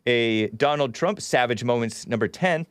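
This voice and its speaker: A man's voice: medium pitch, measured pace, clear, resonant tone, no room sound, clean studio sound. A man hosting a talk show, giving rambling, sarcastic political commentary with scornful asides.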